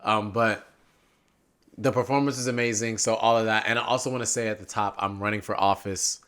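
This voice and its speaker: A young man talks as a podcast guest in an animated, rambling way, drifting off on tangents as he goes. His voice is low-pitched but bright and ringing, and his level swings up when he gets excited. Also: brisk. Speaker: podcast guest, political candidate. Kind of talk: casual interview chat.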